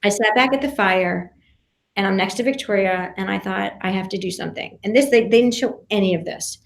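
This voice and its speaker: A woman guest on a podcast, telling a story in an animated way, with many restarts and acted-out quotes. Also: medium pitch, gravelly, reverberant. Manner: talks fast with many restarts and fillers, acts out quotes. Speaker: podcast guest, reality show contestant.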